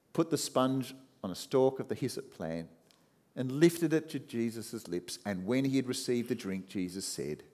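Man preaching with dramatic swings in volume. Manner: dynamic, swinging from loud emphatic rises to hushed low passages. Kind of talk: sermon.

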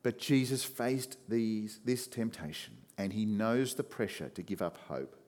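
A man preaching a sermon, swinging from loud emphatic rises to hushed, low passages as he reads scripture. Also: lively intonation, a little slow.

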